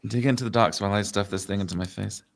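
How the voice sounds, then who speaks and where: A man's voice: lowish voice, quick pace, creaky. A man co-hosting a live hardware build stream, chatting in an easygoing way with dry jokes and frequent hesitations. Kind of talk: casual chat.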